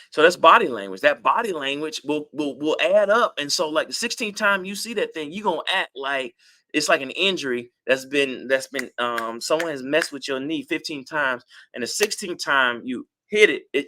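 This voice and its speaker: A man's voice: a little high, bright, forceful tone. A man, giving a playful, emphatic talk to an audience about relationships, acting out mock arguments in slang. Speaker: relationship therapist speaking to an audience. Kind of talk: animated talk with acted-out examples.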